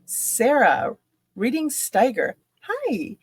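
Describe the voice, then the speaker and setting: Chatty, fairly high-voiced woman hosting. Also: very slow, creaky, husky, dry recording. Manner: animated, chatty, reads viewer comments aloud. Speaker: host. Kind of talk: casual livestream interview.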